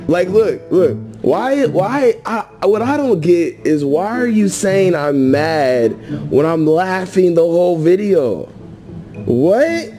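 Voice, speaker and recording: A young man trash-talks on his stream, boastful and mocking, with laughs between his jabs. His voice sits fairly high and he takes his time. Faint music plays underneath. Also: very animated, extremely slow, dark tone. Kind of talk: trash-talking reaction stream.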